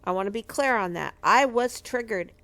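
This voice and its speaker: A woman's voice: on the high side, moderate pace, fairly bright tone. A middle-aged woman from a marriage ministry, giving an earnest, emphatic testimony and repeating key phrases for weight. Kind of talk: personal testimony teaching.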